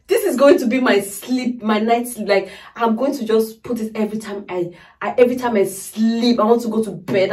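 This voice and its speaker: A tearful woman gushes to her viewers in a reaction vlog, repeating her praise over and over. Her voice sits a little high for a woman. She is picked up from slightly back from the microphone. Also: distant mic. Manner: effusive, repeats exclamations, keeps calling viewers "guys". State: tearful, crying. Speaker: music reaction video host.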